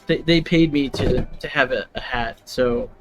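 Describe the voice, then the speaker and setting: A man's voice: mid-range voice, unhurried, soft background music. A young man hosting a live stream, chatting casually with lots of fillers and frequent laughter. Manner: rambling, laughing often, full of fillers. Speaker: livestream host.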